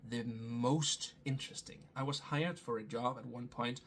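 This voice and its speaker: A man who is a voice actor giving a casual spoken tutorial, explaining in a relaxed way with small restarts, his English accent not American. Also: mid-range voice, moderate pace, slight background noise. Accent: non-American English.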